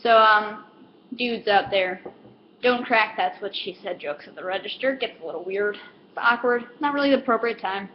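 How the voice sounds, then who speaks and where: A woman's voice: medium pitch, normal speed, dull audio, slight background noise. A woman who works in retail, rambling through a casual comedic rant with lots of fillers and self-deprecating asides. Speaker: retail store worker.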